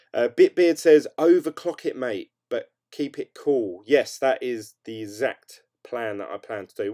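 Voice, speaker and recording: A man's voice: mid-range voice, warm tone. A young man chatting casually on a livestream, rambling and upbeat, with lots of hedges and fillers as he reads out viewer comments. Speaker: crypto mining streamer. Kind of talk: casual late-night livestream chat, reading viewer comments.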